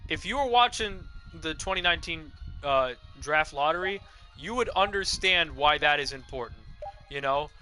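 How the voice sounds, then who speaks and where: A man's voice: on the high side, bright, forceful tone, poor audio. A young man streaming a video game, chatting casually in a profane, rambling, digressive rant. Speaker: gaming streamer.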